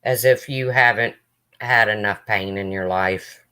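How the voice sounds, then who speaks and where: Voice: mid-range voice, measured pace, pushed and bright, smooth. A livestream host talking emotionally to viewers and answering chat, close to tears. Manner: emotional, talks straight to viewers.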